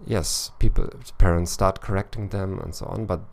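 Low creaky-voiced guy talking through a language lesson, checks in with "no?" a lot. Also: steady tone, moderate pace, darkish tone. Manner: thinks aloud, adds tag questions like "no?" and "eh?". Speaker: language coach. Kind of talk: podcast monologue lesson. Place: lives in Eastern Europe.

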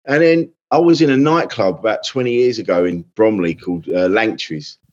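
Chatty comedian, lo-fi sound. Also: male voice, lowish voice, normal speed. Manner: chatty, storytelling, self-deprecating. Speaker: comedian guest. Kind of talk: casual podcast chat.

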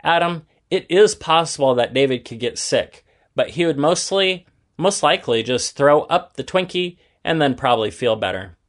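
A man reading aloud and voicing a calm, caring father in a children's story. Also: on the high side, normal speed, lightly acted. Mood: reassuring. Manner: gentle, reassuring.

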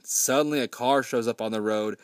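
A man's voice: medium pitch, a little fast, dry recording, studio quality. A man casually recapping a horror film with sarcasm and frequent swearing, briefly mimicking the characters' lines. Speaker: movie reviewer. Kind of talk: casual profane movie recap.

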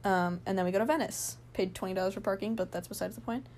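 A young woman telling a rambling, excited story in a casual vlog, full of fillers and laughs. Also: mid-range voice, fast talker, a little hiss or hum.

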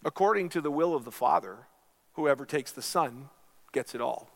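A man voicing a calm, firm male auctioneer who makes measured, formal calls for bids. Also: mid-range voice, gravelly, big-room sound. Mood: steady.

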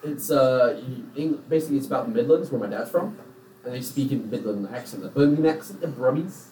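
A man's voice: medium pitch, fairly quick, mellow, slight background noise. A young English man with a home-counties accent, co-hosting a casual podcast chat in a jokey, chatty way. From England. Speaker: podcast co-host. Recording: roomy echo, mic from a distance.

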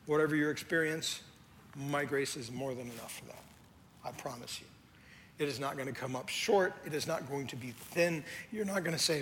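A male lead pastor delivers a conversational sermon, his voice bright and forceful and pitched a little high. He moves between animated emphasis and hushed, quiet passages. The sound carries a long hall reverb over a faint room ambience. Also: moderate pace, a little hiss or hum.

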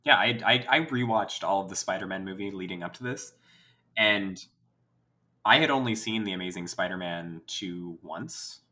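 A man's voice: low-pitched, moderate pace, bright, forceful tone. A man co-hosting a podcast, giving wry, opinionated takes on movies. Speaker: podcast co-host. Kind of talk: casual movie discussion.

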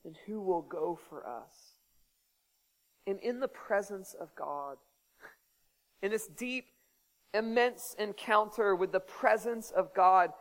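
An earnest preacher delivering a sermon at an ordinary, mid-range pitch. Scripture passages are read aloud with dramatic emphasis, and the talk slides into casual, conversational asides between them. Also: a bit bright, big-room sound, poor audio.

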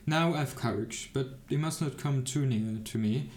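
A man's voice: mid-range voice, measured pace, a little mellow. A man reading a fairy tale aloud, narrating plainly and lifting his voice for the characters' cries. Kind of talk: storybook reading. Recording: echoey room.

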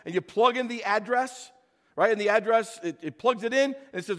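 High-voiced pastor preaching in an echoey hall. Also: male voice, expressive, brisk. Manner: emphatic, swings between loud bursts and quiet asides. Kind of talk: sermon.

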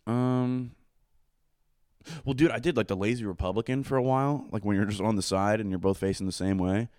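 A young man with a low-pitched voice tells a rambling story at a quick clip, peppering it with fillers and swearing. The sound is close and dry, with no room around it. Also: a little mellow, smooth, no room sound. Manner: rambling, profane, full of fillers. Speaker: guest telling a story. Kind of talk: casual storytelling chat.

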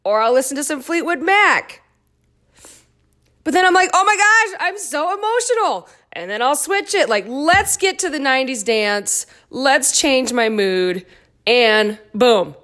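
A woman's voice: high voice, a little slow. Chatty goofy woman podcast host. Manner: chatty, goofy, animated with playful asides. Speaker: podcast host and dance fitness instructor. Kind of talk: casual solo podcast talk.

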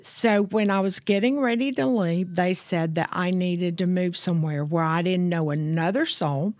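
A woman guest telling her own story of addiction and recovery in an earnest, candid way, slowing down to stress key points. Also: on the low side, a little mellow, no room sound. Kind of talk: personal testimony in conversation.

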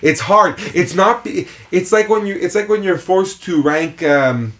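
A man co-hosting a casual film podcast, opinionated and quick to swear. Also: high-pitched, fairly bright tone. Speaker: podcast co-host.

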